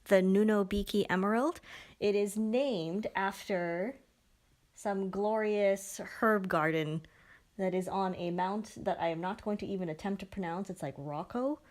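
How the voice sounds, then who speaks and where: A woman's voice: mid-range voice, unhurried, a little mellow. A woman hosting a casual live stream from a pen shop, chatty and giggly, with self-mocking asides as she demonstrates inks. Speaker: live-stream host demoing pens and ink.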